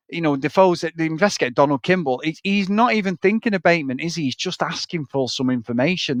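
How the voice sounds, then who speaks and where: A man talks through a film on a podcast with plenty of swearing and bursts of animation. His voice sits a little on the high side. The sound is dry and close. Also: no echo. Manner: swears often, animated, acts out film lines. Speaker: podcast co-host. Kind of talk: casual film-review chat.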